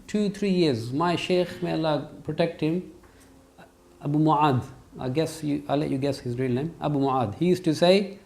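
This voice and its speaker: In a classroom full of students, a man with a fairly high-pitched voice and some vocal fry delivers a religious lesson at a moderate pace. His lively, interactive style involves questioning the class and stressing key points emphatically.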